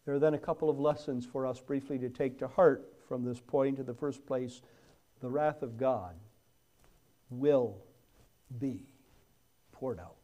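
A man's voice: mid-range voice, measured pace, pauses often, mellow. A man preaching a sermon, swelling hard on key words and then dropping almost to a whisper. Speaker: pastor.

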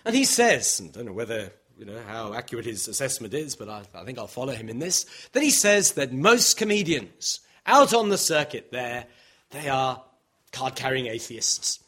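A man's voice: medium pitch, moderate pace, husky. A man preaching a sermon, acting out the objections of his listeners and chuckling now and then. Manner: animated, acts out voices of listeners, occasional chuckles.

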